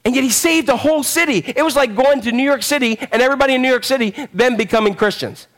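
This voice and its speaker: Animated high-pitched male preacher. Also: fast. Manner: animated, swings from loud to hushed; calls out to the congregation. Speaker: pastor. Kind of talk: sermon.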